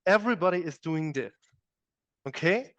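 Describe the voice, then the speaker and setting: A man's voice: fairly high pitch, lively intonation, moderate pace, fairly bright tone, dry recording. Man leading a yoga class. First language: German. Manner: demonstrating while explaining, often checking in with "okay?". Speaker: yoga teacher. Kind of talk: live instruction in a yoga class. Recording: dull, dry studio recording.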